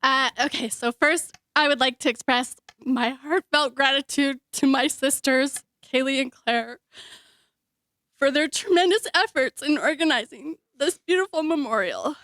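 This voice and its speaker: A woman delivers an emotional memorial speech for her brother and stops now and then to steady herself. Her voice is high and the sound is dry. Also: no echo. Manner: emotional, halting, apologetic. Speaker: eulogy speaker, sister. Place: memorial hall.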